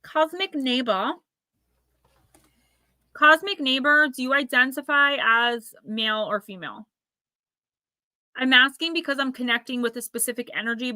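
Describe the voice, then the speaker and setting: This woman in her forties has a New Jersey accent and a slightly high, sharp voice, recorded cleanly with no echo. She's hosting a live-stream tarot reading, chatting away, greeting viewers by name and tossing in quick asides.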